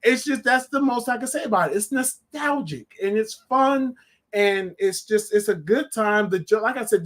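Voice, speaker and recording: A man's voice: high voice, lively intonation, moderate pace, fairly bright tone. A man giving a casual, rambling spoken film review, with lots of fillers and restarts.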